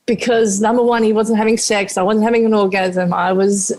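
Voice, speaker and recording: A woman's voice: mid-range voice, moderate pace, hardly any pauses. A middle-aged Australian woman chef, a podcast guest, telling a candid personal story, swearing freely and acting out what she said at the time. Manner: animated, swears freely, acts out her own past remarks.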